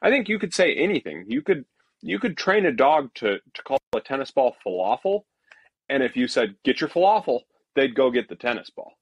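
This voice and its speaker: A man's voice: mid-range voice, lively intonation, fairly quick, gravelly, husky, no echo, highs cut off. A man co-hosting a podcast in casual, jokey, rambling chat. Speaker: podcast co-host.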